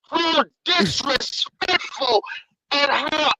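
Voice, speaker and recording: A man's voice: very high voice, animated, extremely slow, gravelly, sharp tone, no room sound, rough recording. A man calling in to a show, ranting in a heated, profane, slang-filled way and repeating himself. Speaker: caller. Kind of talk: fired-up call-in rant.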